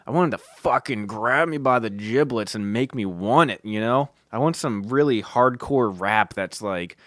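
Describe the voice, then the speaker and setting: A man's voice: mid-range voice, normal speed, a bit bright, no echo. A young man hosting a podcast from home, rambling casually with lots of fillers, restarts and offhand swearing. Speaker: podcast host.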